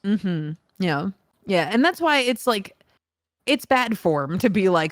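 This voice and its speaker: A woman's voice: on the low side, animated, unhurried, no echo, clean studio sound. A woman voice actor as a podcast guest, talking in a reflective, earnest way with frequent ums. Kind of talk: casual podcast conversation.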